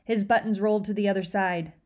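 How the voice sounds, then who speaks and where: A woman's voice: medium pitch, fast, a little hiss or hum, lightly acted. A woman reading a withdrawn, repetitive girl. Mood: flat. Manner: flat, repetitive.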